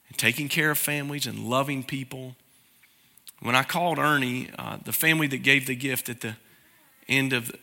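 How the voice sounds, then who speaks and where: A man speaking as a pastor to his congregation, earnest and grateful, sometimes growing soft and emotional as he shares news from the pulpit. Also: medium pitch, creaky. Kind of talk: church announcement from the pulpit. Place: church sanctuary.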